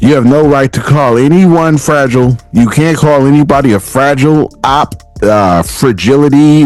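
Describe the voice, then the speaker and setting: A man's voice: medium pitch, darkish tone, dry recording. A young American man hosting a solo podcast, ranting casually and profanely and laughing often. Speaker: podcast host.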